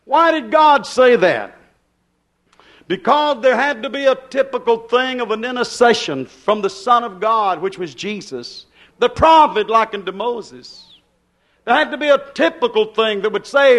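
High-voiced male preacher, emphatic, hollers his questions. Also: animated, measured pace, fairly bright tone. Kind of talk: sermon.

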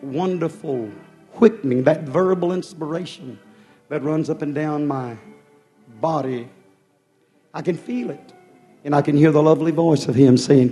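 A man preaching a fervent sermon in a rhythmic style, often dropping suddenly soft. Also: on the high side, measured pace, long pauses, soft background music.

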